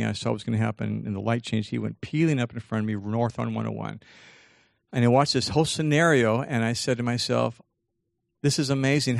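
A man delivers a motivational seminar talk in an animated manner, acting out the voices of his own inner dialogue. His voice sits at a middle pitch and is recorded close and dry, with no room sound. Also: creaky, dry recording. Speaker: motivational speaker.

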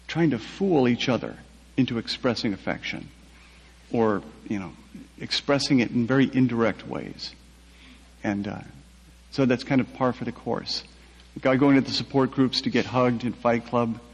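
Male author, husky and soft-spoken, mid-pitched, recorded in a big reverberant space. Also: highs cut off. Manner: soft-spoken, halting, with many restarts. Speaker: author being interviewed. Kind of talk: reflective personal storytelling. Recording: long hall reverb.

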